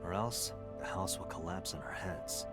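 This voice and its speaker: A man voicing a deep, gruff detective. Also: moderate pace, lightly acted. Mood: explaining. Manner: dry, matter-of-fact explaining. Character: gruff male detective with an eye implant. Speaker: investigator. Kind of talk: game voice acting. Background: game music.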